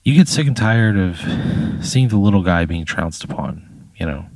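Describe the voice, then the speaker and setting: A man's voice: low voice, animated, measured pace, vocal fry, a little mellow, dry recording. A man spinning an improvised story in a loose, casual way, swearing and saying "like" and "you know" a lot. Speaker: podcast storyteller.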